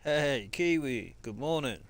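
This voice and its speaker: A man's voice: mid-range voice, lively intonation, takes it slowly. A man, chatting casually with viewers on a live game stream and greeting them as mate. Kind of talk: live-stream chat while gaming.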